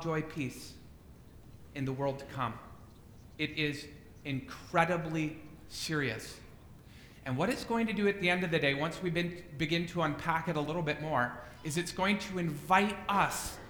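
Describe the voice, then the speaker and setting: A man preaching a sermon to his congregation, earnest, his voice climbing sharply when he voices the critics. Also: sharp tone. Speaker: pastor. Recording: echoey hall with faint rumble.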